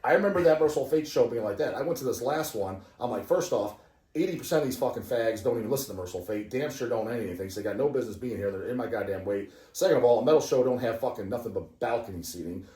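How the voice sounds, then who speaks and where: A man around forty rants and tells stories in a loose, profane, excitable way, with a voice of ordinary middle pitch. He is recorded in a roomy space with a noticeable echo. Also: fast talker. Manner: profane, excitable ranting storyteller. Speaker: podcast host. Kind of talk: casual chat.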